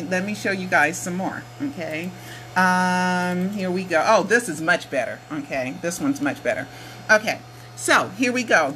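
A conspiracy documentary vlogger, a woman with a lowish voice that sounds pushed and bright, talks to her camera at home. Her casual delivery is insistent and repetitive, peppered with "okay" and "right," over slight background noise.

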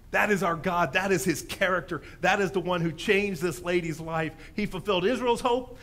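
A man preaching a sermon in a church, telling a story with lively animation and acting out the voices in it. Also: sits high. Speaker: pastor.

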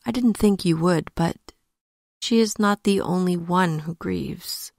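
A tender warrior prince soothing his grieving wife, soft-spoken and gentle, as a woman storyteller reads his lines. The voice is low and gravelly, close and dry. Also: measured pace, no room sound.

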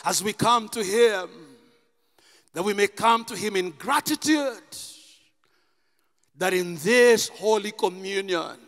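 A man preaching a sermon as pastor, impassioned and rising to shouts. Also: sits high, takes it slowly, long pauses, big-room sound. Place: church.

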